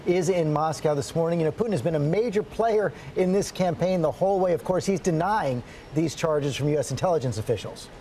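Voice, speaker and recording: Fast-talking male news anchor. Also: fairly high pitch, dark tone, a little hiss or hum. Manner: brisk, questioning.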